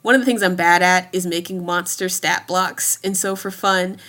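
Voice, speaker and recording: Woman, 30s, bright voice, easygoing podcast guest, laughs a lot. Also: fairly low pitch, fairly even intonation, normal speed. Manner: chatty, laughs often between thoughts. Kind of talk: casual chat.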